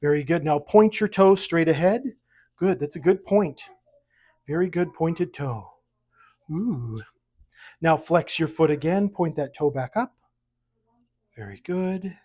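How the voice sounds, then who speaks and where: Fitness instructor, seated exercise class, counts reps aloud, upbeat coaching, light jokes, mid-range pitch, recorded at home. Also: lively intonation, unhurried, pauses often, darkish tone. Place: at home with pets around.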